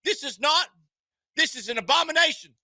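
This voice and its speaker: A man's voice: extremely high pitch, animated, brisk, pushed and bright, no room sound, voice pushed up, heavily acted. A man voicing a blustering Southern trial lawyer with a put-on American Southern drawl, declaiming in pompous outrage. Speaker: radio host.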